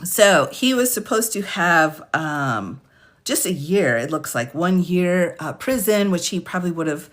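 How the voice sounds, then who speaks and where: A woman attorney hosting a casual livestream, reading out charges and sentences quickly, chatting with viewers by name and laughing often. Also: on the low side, lively intonation. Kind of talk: casual livestream commentary reading case lists.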